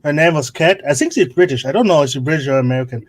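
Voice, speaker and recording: A man's voice: a little high, rapid-fire. A man talking as a guest on a livestream, blunt and rambling, swearing freely. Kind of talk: casual livestream chat.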